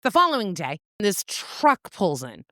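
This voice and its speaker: A woman's voice: medium pitch, measured pace, no echo, studio quality. A woman co-hosting a casual book chat podcast, retelling the plot with acted-out lines and frequent laughs. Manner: animated storyteller, acts out lines, laughs often. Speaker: podcast co-host.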